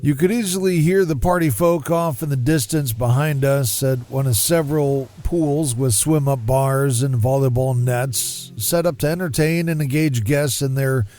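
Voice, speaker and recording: A middle-aged man, a podcast host, reading his own scripted narration in a measured, descriptive way. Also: on the high side. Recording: soft music underneath.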